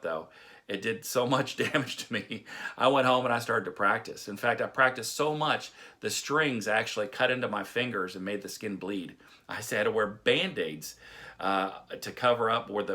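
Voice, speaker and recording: A middle-aged Texan man with a medium-pitched, pushed, bright voice gives a casual devotional talk. He tells folksy stories, chuckling and restarting as he goes.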